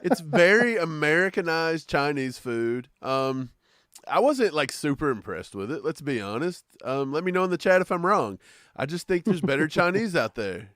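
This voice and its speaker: A man from Kentucky co-hosts a sports podcast, joking around in easygoing, casual banter. His fairly high, slightly bright voice swings widely in pitch at a moderate pace, captured in clean studio sound with no room noise.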